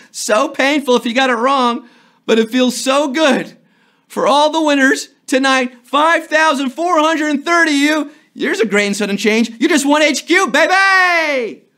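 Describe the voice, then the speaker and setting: A man's voice: extremely high pitch, moderate pace, pushed and bright. A man hosting a live trivia game show, with jokey, hyped-up patter.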